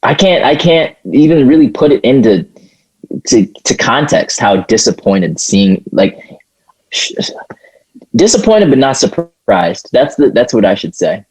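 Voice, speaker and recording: A man co-hosting a podcast in casual chat, rambling and halting, restarting his sentences often. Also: medium pitch, sing-song, darkish tone, breathy edge, low-quality recording. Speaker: podcast co-host.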